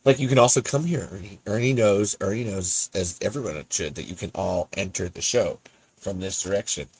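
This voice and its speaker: A man's voice: low-pitched, a little fast, husky. A man hosting a podcast in casual, rambling livestream chat, breaking off mid-thought and laughing often. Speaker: podcast host.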